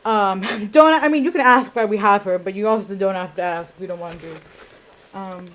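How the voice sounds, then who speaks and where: A woman's voice: medium pitch, moderate pace, fairly bright tone, slight background noise. A young woman hosting an art auction live stream at home, chatting casually with lots of ums and self-deprecating tangents. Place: home room. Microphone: webcam.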